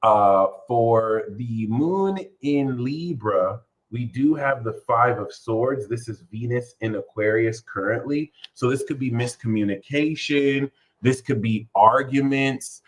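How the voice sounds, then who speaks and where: A man's voice: medium pitch, slow pace. Playful, rambling male tarot reader. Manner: playful, rambling, swears freely. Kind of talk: casual tarot reading.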